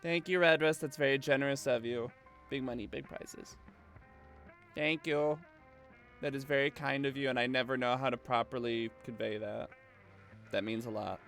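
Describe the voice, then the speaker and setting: A man streaming a video game live, thanking viewers and talking through his tactics, with frequent swearing and excited outbursts. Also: mid-range voice, moderate pace, vocal fry, long pauses, faint music behind. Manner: excitable, swears often, thinks aloud about tactics. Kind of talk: live gameplay commentary.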